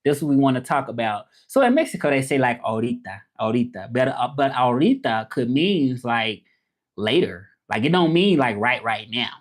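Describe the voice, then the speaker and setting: A man's voice: mid-range voice, very animated, a little fast. A man with a Southern US accent hosts a casual livestream. His talk is loose and rambling. He answers viewers' comments as they come in. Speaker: livestream host and interpreter.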